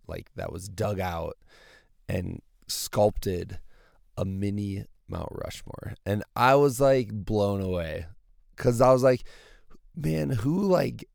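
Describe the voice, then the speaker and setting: A male podcast host with a gravelly early-morning voice, chatting casually in a rambling, enthusiastic way from inside a parked car. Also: lowish voice, a little mellow, no echo, clean studio sound. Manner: rambling, enthusiastic, many fillers. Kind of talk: casual solo podcast outro.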